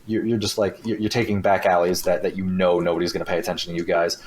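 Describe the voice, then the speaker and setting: A man's voice: deep voice, little pitch movement, quick pace, darkish tone. A man narrating as game master of a tabletop game in a rambling way, full of fillers.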